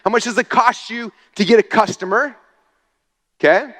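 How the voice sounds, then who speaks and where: A man giving an energetic, casual stage presentation to a live audience, often checking in with "okay?". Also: sits high, normal speed. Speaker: speaker at a marketing event. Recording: long reverb of a large hall.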